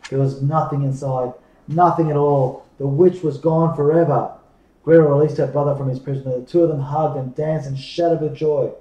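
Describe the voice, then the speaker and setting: A man reading a fairy tale aloud in a measured way, pausing for drama, recorded off-mic in an echoey room. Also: on the high side, fairly even intonation, dark tone, distant mic, highs cut off. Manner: measured, slowing for dramatic pauses. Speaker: storyteller. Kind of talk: storybook read-aloud.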